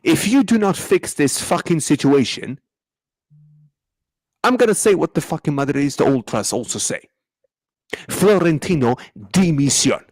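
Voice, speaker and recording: A man's voice: fairly high pitch, very animated, normal speed, pauses often, darkish tone, no room sound. A man hosting a live football reaction stream, ranting and swearing in heavy street slang. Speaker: host. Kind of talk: angry live match reaction.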